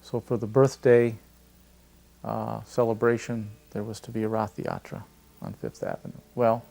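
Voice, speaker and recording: Older guy with a gravelly voice, telling a story, gets animated. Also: lowish voice, normal speed. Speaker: devotee recalling memories. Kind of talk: storytelling interview.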